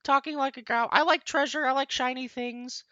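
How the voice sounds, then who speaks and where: A man's voice: very high voice, steady tone, moderate pace, pushed and bright, no room sound, dull audio, pitched above the performer's own voice, heavily acted. A man voicing a small, greedy goblin that loves treasure and shiny things, boasting in a gleeful, childlike way.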